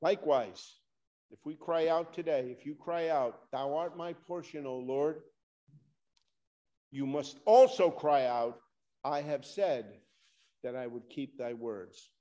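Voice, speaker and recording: High-voiced man preaching a sermon. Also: takes it slowly, dark tone. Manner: preaching with rising and falling emphasis, addresses listeners directly. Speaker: pastor.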